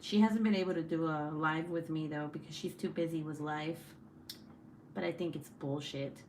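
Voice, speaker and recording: A young woman hosting a casual livestream, reading chat and teasing her sister with loud, swearing jokes and frequent laughs. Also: low-pitched, fairly even intonation, normal speed, slight background noise. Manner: loud, joking, swears a lot, laughs often.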